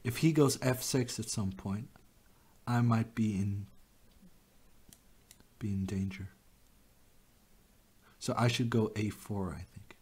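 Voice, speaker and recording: A man's voice: fairly low pitch, takes it slowly, long pauses, darkish tone, breathy edge. A young man, streaming chess and thinking aloud with wry, self-mocking remarks. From Norway. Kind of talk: live chess commentary.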